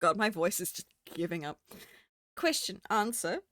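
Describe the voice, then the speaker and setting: A woman's voice: lowish voice, animated, normal speed, a bit bright, no room sound, clean studio sound. A woman from New Zealand with a Kiwi accent, chatting casually on a stream and laughing often at herself. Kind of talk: casual stream chat while drawing.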